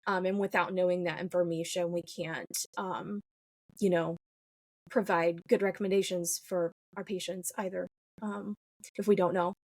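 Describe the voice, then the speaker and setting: A woman who is a clinical pharmacist, speaking as a podcast guest in a measured, explanatory way. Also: fairly low pitch, fairly even intonation, darkish tone. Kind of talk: podcast conversation.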